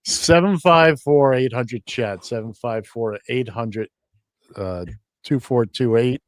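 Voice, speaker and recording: A man's voice: mid-range voice, dry recording. Chatty, rambling male radio host. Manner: rambling, dry, halting with fillers. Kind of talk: casual radio chat.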